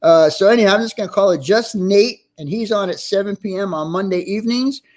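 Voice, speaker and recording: A man's voice: sits high, a little fast, a little mellow. A man hosting a casual livestream, chatty and reading out viewer names with friendly greetings. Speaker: livestream host.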